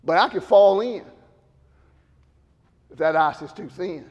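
A man preaching in a church sanctuary, his voice sitting high for a man. He swings from loud, shouted emphasis down to low, quiet asides. A long reverb from the hall trails after his words. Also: slow, pauses often. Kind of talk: sermon.

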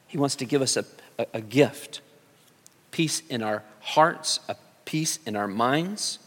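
A man preaching a sermon as a pastor, speaking earnestly and sometimes rising into loud pleading cries. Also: medium pitch, animated, measured pace, in a large hall.

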